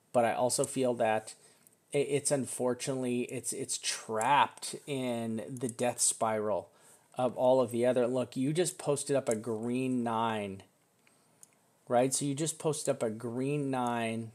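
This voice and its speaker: A man's voice: medium pitch, a little mellow. Rambling man talking through trading charts. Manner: rambling, self-interrupting, thinking aloud; swears casually. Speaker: crypto chart analyst. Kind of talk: casual live chart analysis.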